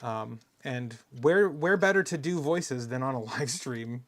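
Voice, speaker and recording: A man's voice: mid-range voice, expressive, a little slow. A man casually chatting on a live stream while taking apart hardware, rambling and self-mocking and muttering as he works. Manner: murmurs to himself while working.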